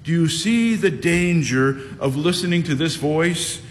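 Older pastor in his sixties, somewhat high-pitched, emphatic sermon delivery with slow refrains; long church reverb, faint rumble underneath. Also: lively intonation. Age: 60s. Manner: emphatic preaching with slow drawn-out repeated refrains.

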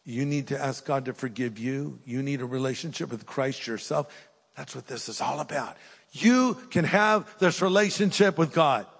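An older man preaching a sermon in a large church, earnest and urging, shifting between raised appeals and quiet, hushed prayer. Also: mid-range voice, normal speed, vocal fry, husky. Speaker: pastor. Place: large church auditorium with live audience. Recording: long hall reverb.

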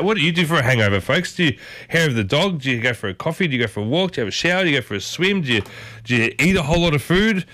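Another casual talk host, this man chats with his audience and keeps throwing questions their way. His voice is mid-range with a sharp tone, captured in a dry recording.

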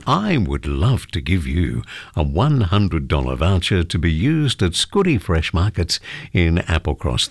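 A man's voice: sits low, gravelly, no echo, studio quality. A man with an Australian accent hosting a casual phone-in radio show, chatty and jokey. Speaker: radio host.

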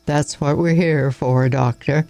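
A man reading as a calm, low-voiced grandfather. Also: a little slow, no room sound. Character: older grandfather, a calm, steady school board member.

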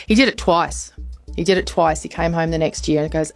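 A woman, chatting casually as a host and telling a story with lively quoted lines. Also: low-pitched, a little fast, soft background music. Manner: animated storytelling, acts out quotes. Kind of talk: casual chat.

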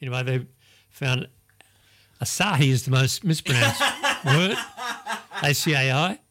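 A man co-hosting a radio show, chatting casually, laughing often and sounding words out slowly. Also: medium pitch, a bit bright. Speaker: radio host.

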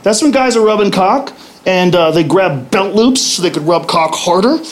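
A man doing a profane stand-up comedy routine on a club stage, brash with loud punchlines. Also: sits high, animated, normal speed. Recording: live club recording, audience laughter. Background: crowd laughing.

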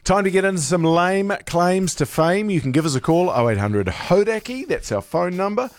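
A man hosting a breakfast radio show, reading promos and taking calls in a brisk, upbeat way. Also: sits high, big pitch swings, no echo, studio quality.

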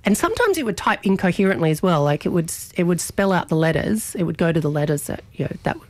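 A young adult woman radio host telling a story in an animated, chatty way, often restarting her sentences. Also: fairly low pitch, fast talker, no room sound. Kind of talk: casual storytelling chat on radio.

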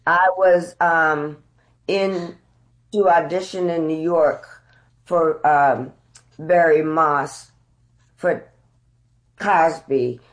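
A middle-aged actress telling candid stories about auditions, unhurried and reflective, growing animated as she retells them. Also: low-pitched. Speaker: actress guest. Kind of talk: candid conversational storytelling.

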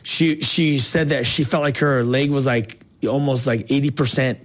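A man hosting a faith talk show, telling a story in a casual, excited way with slang and frequent restarts. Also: medium pitch, normal speed. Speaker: talk show host and evangelist.

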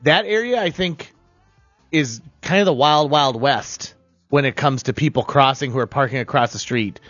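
A man's voice: mid-range voice, normal speed, no echo, highs cut off, soft background music. A man, co-hosting a radio show, cracking dad jokes in casual chat. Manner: jokey, punning, lively. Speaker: radio co-host.

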